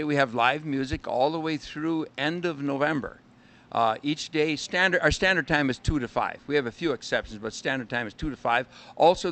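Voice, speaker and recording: A fairly high-pitched, sharp-toned voice belongs to an older man from Minnesota who runs a winery. Chatting casually on the radio, he tells stories and throws in a jokey sung bit.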